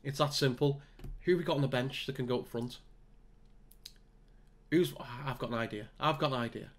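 A man's voice: medium pitch, a little fast. A man commentating on his own football management game, muttering to himself and bursting out when goals come. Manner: excitable, talks to himself, groans and mutters between bursts. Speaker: gaming YouTuber.

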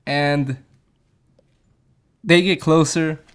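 A man's voice: fairly high pitch, fairly even intonation, drawn-out words, a bit bright, smooth. Rambling, laughing man reviewing a movie. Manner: rambling plot retelling with laughs and self-corrections.

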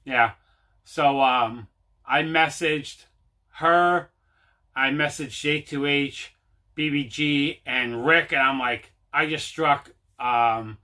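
Bright-voiced man rambling through a story. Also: a little high, takes it slowly. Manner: rambling, repeats himself, many fillers. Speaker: host. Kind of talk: casual storytelling to camera.

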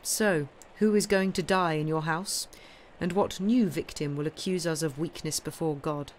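A woman reading aloud and voicing a grave male doctor speaking in a measured, stern way. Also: low-pitched, a little hiss or hum, close to an everyday voice.

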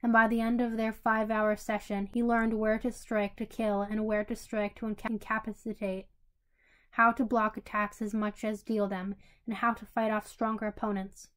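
A woman narrating a fanfiction story in an even way, with small slips and restarts. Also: mid-range voice, moderate pace. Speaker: story reader.

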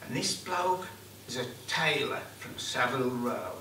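Black Country storyteller with a lively, bright voice. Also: male voice, medium pitch, a little slow, slight background noise. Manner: broad colloquial dialect, acting out the characters. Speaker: folk club storyteller. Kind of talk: live comic dialect storytelling. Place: folk club room, live. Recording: echoey club room, far mic.

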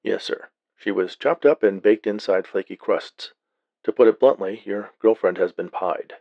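A man voicing a calm male police officer with a flat, matter-of-fact manner. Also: fairly low pitch, normal speed, vocal fry, no room sound, muffled recording. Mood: deadpan.

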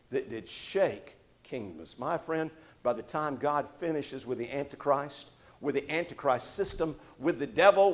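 A man, a Baptist pastor, preaching a sermon and reading Scripture aloud, with dramatic swells toward shouting. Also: on the high side.

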